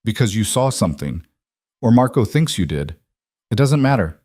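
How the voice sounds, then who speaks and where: A man voicing a cold, controlled crime boss who speaks quietly and with certainty. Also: on the low side, very animated, moderate pace, dry recording, clean studio sound.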